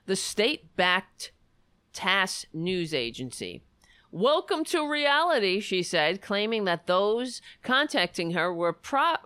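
A woman's voice: mid-range voice, a bit bright, no echo. A woman hosting a livestream, reading news articles aloud and commenting on them with sarcastic, profane remarks. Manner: sarcastic and profane, with frequent self-interruptions. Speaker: livestream host.

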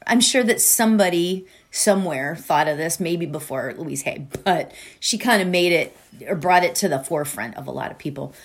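A woman's voice: lowish voice, animated, normal speed, few pauses, slightly rough. A middle-aged woman hosting a podcast, talking casually with lots of fillers and asides before leading a meditation. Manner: chatty, warm-hearted, many fillers and asides. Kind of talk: casual spoken podcast talk.

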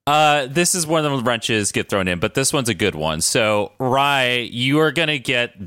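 A man hosting a casual chat podcast, his voice bright and forward and swinging widely in pitch. He laughs often and keeps the talk loose. The sound is dry and close. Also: animated, moderate pace, clean tone, dry recording. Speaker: podcast host running the draft.

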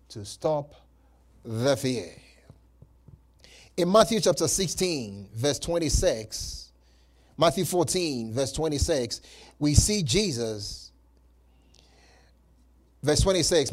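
A male pastor preaching a sermon, repeating phrases and laughing between points. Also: a little high. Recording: live church service.

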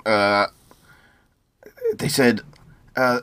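An American man co-hosting a podcast, with a bright, forward voice. He is easygoing and agreeable, and often restarts his sentences. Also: mid-range voice, animated, moderate pace, dry recording. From United States. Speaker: podcast co-host. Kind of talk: casual chat.

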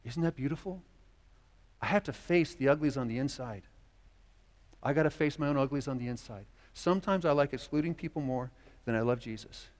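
A man's voice: medium pitch, darkish tone. Earnest male pastor in a reverberant church. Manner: earnest, acts out quoted dialogue. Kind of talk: sermon. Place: church sanctuary.

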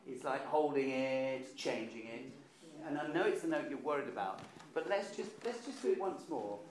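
A man's voice: medium pitch, expressive, normal speed. A man coaching a choir, chatty and encouraging, often repeating words as he thinks. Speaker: choir director. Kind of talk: choir rehearsal instruction. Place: rehearsal hall. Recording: echoey room with choir around.

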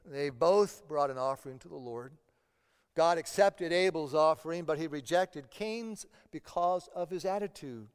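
Guy preaching a sermon, kinda high smooth voice, big echoey church hall. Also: normal speed. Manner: earnest, repeats words when stressing a point. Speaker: pastor. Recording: long hall reverb.

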